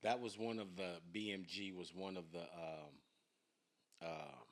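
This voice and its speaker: A man's voice: low voice, fairly even intonation, measured pace. A man co-hosting a podcast interview, who mostly answers with short, encouraging backchannels. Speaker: podcast co-host. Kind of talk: casual interview chat.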